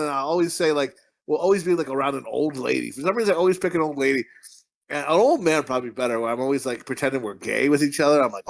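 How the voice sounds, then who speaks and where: A man's voice: a little high, fast talker, vocal fry. A man co-hosting a podcast, rambling and joking crudely with his friends. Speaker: podcast co-host. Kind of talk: crude casual banter.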